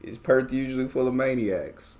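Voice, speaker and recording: A man's voice: mid-range voice, normal speed, crowd noise. An American man hosting a reaction video, chatting to his viewers in a casual, talkative way. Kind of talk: casual commentary.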